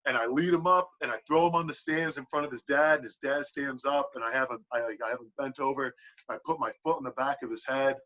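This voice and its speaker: A man on a podcast telling a wrestling story in casual, animated talk, swearing a lot and filling with "like". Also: mid-range voice, fast talker. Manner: animated, profane, lots of "like" fillers. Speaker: podcast guest, pro wrestler. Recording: dull lo-fi podcast audio.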